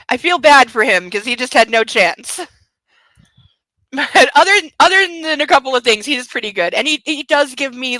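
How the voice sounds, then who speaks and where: A woman's voice: fairly high pitch, sharp tone, dry recording, poor audio. A woman hosting a book club podcast, giving sarcastic, ranting commentary on a novel.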